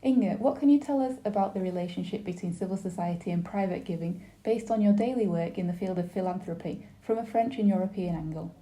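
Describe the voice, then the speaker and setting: A woman giving a simultaneous interpretation of a webinar panel, speaking in a measured, formal way with brief pauses and restarts. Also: fairly low pitch, dark tone.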